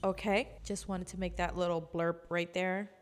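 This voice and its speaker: A woman giving casual sales training, chatty, acting out customer calls in quick voices. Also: lowish voice, little pitch movement, in a large hall. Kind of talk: casual instructional talk.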